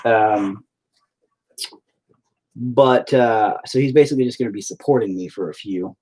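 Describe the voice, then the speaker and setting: A man's voice: fairly low pitch, unhurried, mellow, slightly rough. A man talking to his live stream viewers while painting, in a candid, profane and self-deprecating ramble. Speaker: artist livestreaming while painting. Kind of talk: casual rambling chat. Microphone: laptop mic on a live stream.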